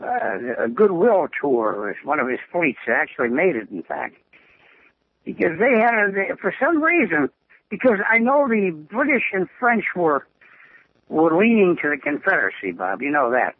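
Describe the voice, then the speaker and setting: A man calling in to a radio show, talking in an excitable, rambling way. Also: on the high side, normal speed, breathy edge, dry recording. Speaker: caller. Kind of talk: call-in radio chat. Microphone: telephone. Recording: tinny phone line.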